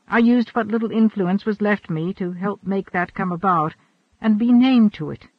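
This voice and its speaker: Man reading a measured ageless immortal. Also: high-pitched, no room sound. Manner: measured, earnest, formal. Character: calm ageless immortal male adventurer. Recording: dry, dull lo-fi.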